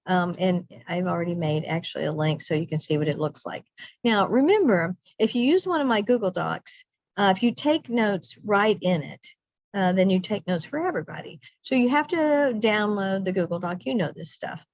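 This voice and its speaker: A woman's voice: mid-range voice, lively intonation, moderate pace, a little mellow, dry recording, lo-fi sound. A middle-aged woman leading a recorded teacher training session, chatty and self-interrupting, laughing at herself.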